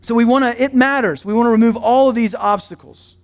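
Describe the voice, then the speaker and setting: High-voiced joking pastor. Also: male voice, clear, resonant tone. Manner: conversational, joking, with quick asides. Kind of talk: sermon. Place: church sanctuary.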